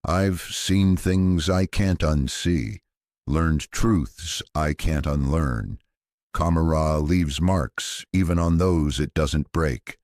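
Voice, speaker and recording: A man voicing a weary, sardonic male vampire antihero in a rasping voice, with dry, wry understatement. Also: very deep voice, slow pace, darkish tone, no room sound.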